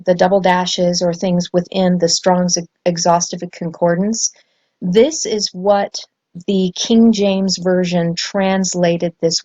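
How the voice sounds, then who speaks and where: Woman, spiritual teacher, earnest and excited, lowish voice, lo-fi recording. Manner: excited, earnest, with frequent ums and self-corrections. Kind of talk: spontaneous scripture teaching. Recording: dull lo-fi sound.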